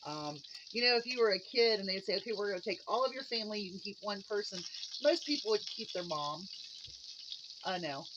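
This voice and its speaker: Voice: medium pitch, animated, brisk. An earnest vlogger chatting casually from a home kitchen while cooking, rambling and open. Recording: dull audio with running tap and kitchen noise.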